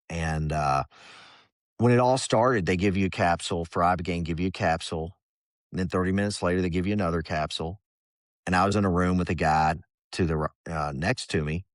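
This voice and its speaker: A man's voice: low-pitched, dry recording, studio quality. A middle-aged man and former Army Ranger, guest on a podcast, telling his story casually and at length, often slipping into quoted voices. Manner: relaxed, rambling, drops into quoted inner voices. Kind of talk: candid conversational storytelling.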